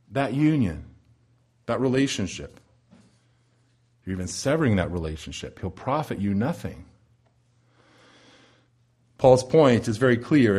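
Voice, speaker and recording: A man preaching an expository sermon in a church, emphatic, with wide swings in pitch and loudness and slowing down on key phrases. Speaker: pastor.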